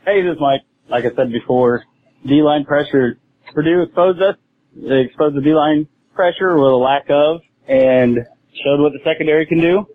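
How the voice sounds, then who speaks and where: A man's voice: fairly high pitch, a little hiss or hum. Rambling man on a tinny phone line. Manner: rambling, halting analysis. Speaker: voicemail caller.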